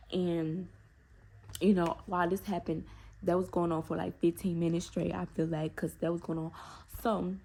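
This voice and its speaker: A young woman, telling a personal story to her viewers in a casual, animated way with many asides to them. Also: on the low side, slightly rough. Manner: animated, talks straight to viewers with repeated asides. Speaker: storytime vlogger.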